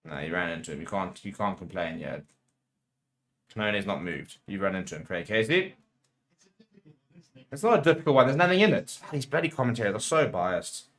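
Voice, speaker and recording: A man's voice: on the low side, lively intonation, brisk, pauses often, fairly bright tone. Man, watchalong host, live rugby play-by-play, partisan, heated outbursts. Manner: heated, ranting at the referee.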